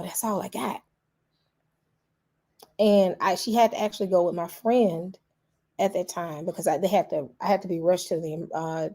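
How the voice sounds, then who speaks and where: A woman's voice: mid-range voice, a little mellow. A middle-aged woman hosting her own vlog, talking straight to her viewers in an emotional, casual way and repeating phrases for emphasis. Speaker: vlog host.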